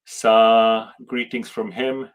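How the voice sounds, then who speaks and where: A man hosting a live show who reads out viewer comments and jokes around, talking haltingly with frequent restarts. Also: fairly low pitch, little pitch movement, clear, resonant tone. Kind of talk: casual live-stream chat, reading viewer comments.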